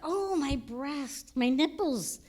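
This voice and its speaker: A woman on stage with a stand-up set, her voice high and full of swoops. She takes her time, telling a story and slipping into the voices of her family. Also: animated, slow, darkish tone. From Canada. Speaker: stand-up comedian. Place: live show venue with audience.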